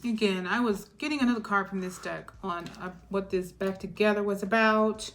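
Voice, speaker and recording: A middle-aged woman giving a casual tarot reading in a chatty way, clearing her throat and laughing often. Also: mid-range voice, steady tone, normal speed, a bit bright, faint music behind. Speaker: tarot reader.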